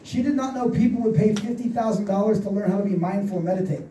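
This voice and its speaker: A man in his forties gives a motivational seminar talk in a high-pitched, dark-toned voice, speaking fast. He tells stories and acts out the quoted dialogue, recorded from a distance in an echoey hall with slight background noise.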